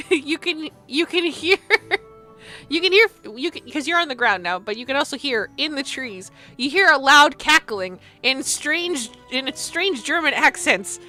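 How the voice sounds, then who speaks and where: A woman's voice: high voice, expressive, a little slow, bright, forceful tone, soft background music. A woman narrating as game master of a tabletop game, often breaking into laughter.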